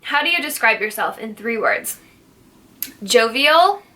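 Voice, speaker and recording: Bubbly, bright-voiced young woman. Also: on the high side, animated, measured pace. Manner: jokey, playful, not serious; chatty, laughs often. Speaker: fitness instructor. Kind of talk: casual Q&A vlog.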